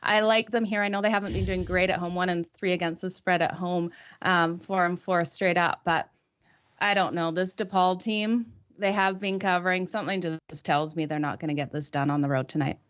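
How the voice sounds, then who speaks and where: A woman with an Australian accent giving sports betting picks in casual chat, reciting stats with small pauses and fillers. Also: on the low side, steady tone, a bit bright, smooth, muffled recording. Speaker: podcast co-host, betting analyst.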